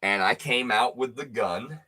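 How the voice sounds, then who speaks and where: A man's voice: medium pitch, measured pace, bright, forceful tone, slightly rough. A man telling a wild personal story in a casual, profane, emphatic way.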